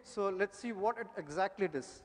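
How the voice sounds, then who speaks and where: A man, an energetic conference presenter coaxing an audience through speaking drills with repeated cues. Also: sits high, fairly quick. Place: large conference hall. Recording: long hall reverb.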